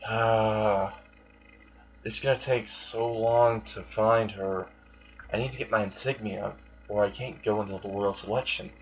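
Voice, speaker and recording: A man's voice: mid-range voice, animated, unhurried, a little hiss or hum. A man voicing a polite, earnest young woman in a hesitant way, barely changing his own voice, on a dull lo-fi recording. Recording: dull lo-fi sound.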